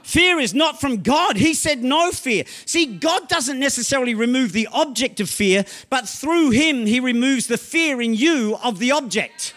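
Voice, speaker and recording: A male pastor preaching a sermon, often checking in with "right?" and reading scripture slowly, with loud emphatic outbursts. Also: extremely high pitch, animated. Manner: bursts into loud shouts.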